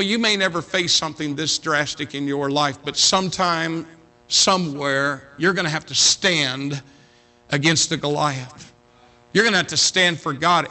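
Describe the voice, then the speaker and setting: A man pastor preaching a sermon through a dramatic story. His voice sits fairly high with a bright, forceful edge. He swings from loud urging to hushed telling. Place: church sanctuary.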